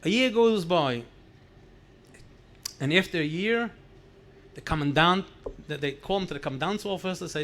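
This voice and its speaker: This high-pitched man, a New York rabbi in his sixties, tells stories to a gathering at a moderate pace, pausing often. He's spirited, playing out the dialogue and mixing Yiddish into his speech.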